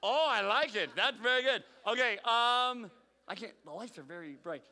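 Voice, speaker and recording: A youth pastor with a very high-pitched, sharp voice leads a youth group game in a large hall full of people, calling teens by name and teasing them playfully. His intonation is lively and his pace is normal, and the recording carries the long reverb of the big hall.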